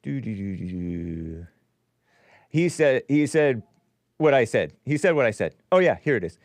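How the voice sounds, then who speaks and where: A man's voice: medium pitch, sing-song, unhurried, dry recording, clean studio sound. A man hosting a live-streamed commentary show, reacting to clips with sarcastic, mocking asides. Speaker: host.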